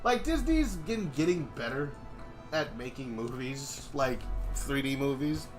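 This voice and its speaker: This young man's voice is medium-pitched with lively intonation and a slightly slow delivery, and music plays behind him. Chatting casually on a live stream, he keeps joking and drifts into goofy sung snippets and mock voices.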